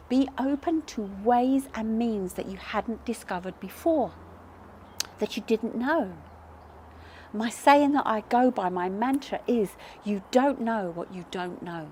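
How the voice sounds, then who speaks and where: A woman speaks in a slightly high, mellow voice, telling her own story to camera. She is earnest and reflective and keeps asking herself questions as she goes. Her voice sits over a faint hiss. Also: measured pace. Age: adult parent. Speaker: numerology vlogger. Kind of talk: personal storytelling.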